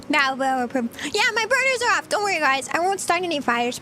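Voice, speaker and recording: A woman's voice: sits high, very animated, normal speed, pauses often, bright, forceful tone, soft background music. A woman VTuber streamer chatting casually with viewers while she eats, giggly and rambling. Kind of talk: casual livestream chat.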